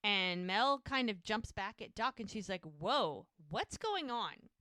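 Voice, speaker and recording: A woman's voice: mid-range voice, lively intonation, slow pace, bright, forceful tone, dry recording, clean studio sound. A woman co-hosting a podcast, retelling TV scenes in casual chat and quoting the characters' lines. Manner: retells scenes with quoted dialogue. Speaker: podcast co-host.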